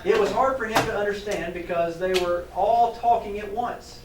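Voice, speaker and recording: In a noisy setting, a teacher trainer whose voice sits high reads a picture book to kids at a moderate pace. He stays animated, chuckles, and pauses to ask them questions. The echoey room and distant mic add faint ambience.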